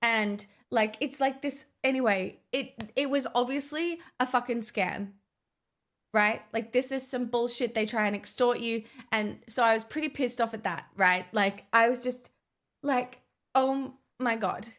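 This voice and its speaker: A woman's voice: a little high, unhurried, fairly bright tone. A young woman, chatting casually as a vlogger, swearing often and restarting her sentences. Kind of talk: casual storytime chat.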